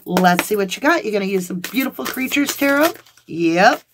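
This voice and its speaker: A woman's voice: medium pitch, moderate pace, noisy background. Gushing woman reading tarot cards. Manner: excitable, gushing, talks to the viewers directly. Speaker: tarot reader. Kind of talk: tarot card reading for viewers.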